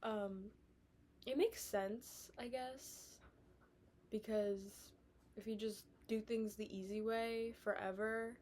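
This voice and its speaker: Young woman rambling on the floor, kinda high voice, faint room hum behind, drops to whispers now and then. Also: slow. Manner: rambling, animated, drifts into soft whispers. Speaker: vlogger. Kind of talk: casual musing monologue. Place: indoors, sitting on the floor.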